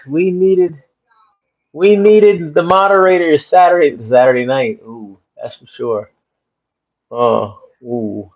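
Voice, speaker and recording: A man hosting a casual livestream from his phone at home, chatting to viewers in a rambling way and repeating himself. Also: on the low side. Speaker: livestream host. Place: home room. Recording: slightly dull phone audio.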